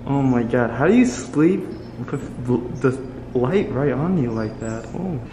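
A man's voice: medium pitch, expressive, unhurried, reverberant, noisy background. A man chatting casually in an amused, teasing way. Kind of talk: casual chat.

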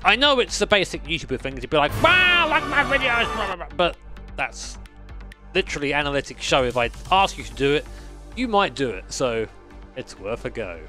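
A man's voice: high-pitched, pushed and bright. A man giving chatty, swearing gameplay commentary while driving a rally sim at home. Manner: chatty, swears casually, laughs often. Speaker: sim racing streamer.

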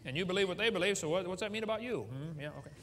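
A middle-aged man gives a folksy, joking seminar sermon with a high voice that swings widely in pitch. The sound rings with long hall reverb over a faint background hum. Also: expressive, very fast, fairly bright tone. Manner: folksy, joking, asks the audience questions. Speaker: creationist speaker. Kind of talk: humorous seminar preaching to a live audience.

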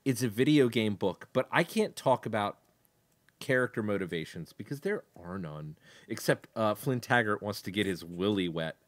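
Low-voiced man, blunt and sarcastic. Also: animated, normal speed, no echo. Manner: blunt, sarcastic, laid-back. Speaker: podcast co-host. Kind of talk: casual book discussion.

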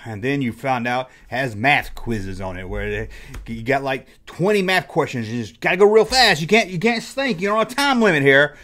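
A middle-aged man hosting a casual nostalgic vlog, jokey and animated, often acting out his own childhood reactions. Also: medium pitch, brisk. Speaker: host.

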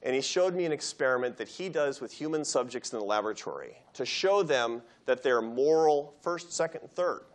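Animated male lecturer telling a story. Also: medium pitch. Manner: animated storyteller, acts out quoted dialogue. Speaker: guest lecturer. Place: university lecture hall.

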